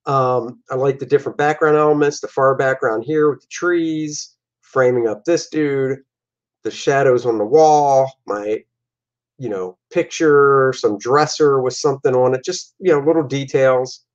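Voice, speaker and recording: A man's voice: mid-range voice, measured pace. A man, a comic artist and host, casually talking through his own artwork in a loose, jokey, rambling way. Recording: dull lo-fi recording.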